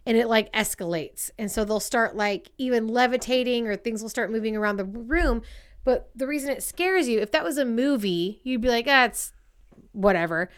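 A woman in her thirties telling a story in casual chat, animated and profane, acting out the voices of people she quotes. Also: a little high, moderate pace, clear, resonant tone.

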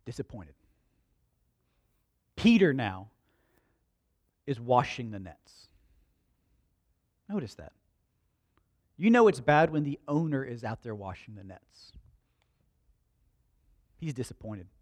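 Male pastor, animated storytelling sermon, swooping pitch, dry close sound. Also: slow pace, pauses often, no room sound. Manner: animated, conversational storytelling with humor.

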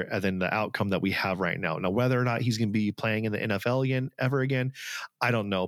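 In a casual podcast chat, a male co-host rambles earnestly, full of fillers and restarts. He has a lowish voice, captured in clean studio sound without echo.

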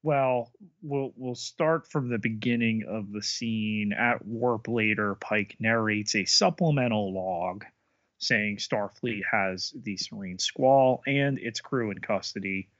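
A man co-hosting a casual podcast, recapping plot points in a measured, dry way. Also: on the low side, fairly bright tone. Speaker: podcast co-host. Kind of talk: casual chat recapping an episode. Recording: dull lo-fi mic.

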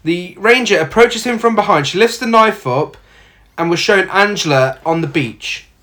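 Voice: mid-range voice, moderate pace, fairly bright tone. A podcast co-host, casually recapping a film with sarcasm and swearing, and acting out the characters' lines. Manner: sardonic, acts out lines from the film.

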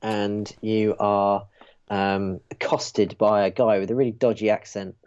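A man running a tabletop game as game master, narrating with hesitant pauses. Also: on the low side, flat delivery, darkish tone, clean tone, lo-fi sound. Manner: hesitant, lots of ums.

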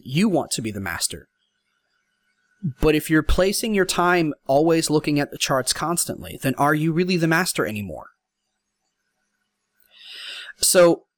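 A young man hosting a podcast, giving casual, repetitive advice in a relaxed solo monologue. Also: a little high, no echo. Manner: informal, advice-giving, repeats points. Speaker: podcast host.

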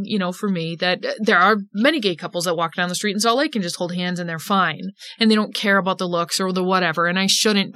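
A woman talking in an earnest, halting way, restarting her sentences as a guest on a casual podcast. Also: on the low side, a bit bright, no room sound.

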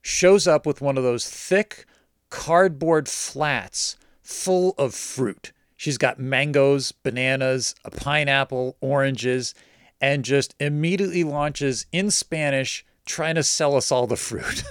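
A man casually telling a personal story in a lively way, mimicking the people he quotes. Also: mid-range voice, takes it slowly, clean tone, no room sound, studio quality. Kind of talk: casual anecdote.

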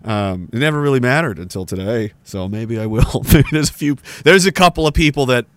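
Animated and brisk, a medium-pitched Canadian man rants sarcastically on his livestream, cursing and laughing between comments. He's in an indoor room next to a woodpile, and the sound is dry.

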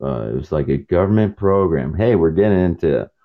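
Very deep-voiced rambling man. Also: expressive, a little fast. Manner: jumps between topics and acts out quoted voices. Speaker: podcast host. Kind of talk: rambling casual storytelling. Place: truck cab while driving. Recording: dull lo-fi sound.

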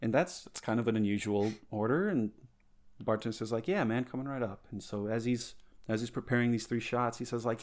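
A man's voice: medium pitch, brisk, darkish tone. A man hosting a podcast in casual chat, rambling and easygoing, often restarting sentences. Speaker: podcast host.

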